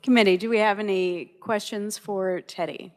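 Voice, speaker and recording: A woman runs a committee hearing in a brisk, procedural way, moving the agenda along. Her voice sits at a middle pitch. The audio echoes with the long reverb of a big hearing room. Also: steady tone, a little mellow. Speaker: committee chair. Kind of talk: chairing a hearing. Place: large legislative hearing room.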